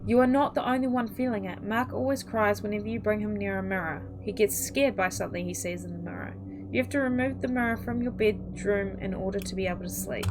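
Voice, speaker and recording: A woman's voice: medium pitch, background noise. A young woman gaming creator reading an interactive horror story aloud, chatty and reactive, with startled outbursts as she comments between lines. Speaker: gaming YouTuber.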